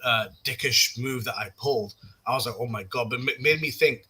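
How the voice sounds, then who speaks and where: A young man on a podcast, telling personal stories in a casual chat, halting and self-mocking with many restarts. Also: medium pitch, sharp tone, slightly rough, rough recording. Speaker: podcast guest.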